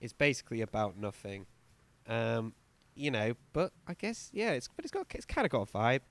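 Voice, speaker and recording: A very animated man speaks at a moderate pace in a mid-range voice. Co-hosting a music podcast, he chats casually about an album, sarcastically mocking lyrics with exaggerated impressions.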